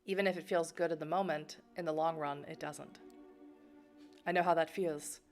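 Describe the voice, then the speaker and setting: A woman's voice: deep voice, steady tone, normal speed, faint music behind. A young woman streaming a narrative game, chatting playfully with many fillers and laughs while reading the game text aloud.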